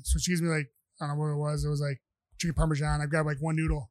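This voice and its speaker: A man's voice: on the high side, monotone, rapid-fire, darkish tone, dry recording. A man, a podcast guest telling rambling stories with many restarts. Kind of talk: casual storytelling.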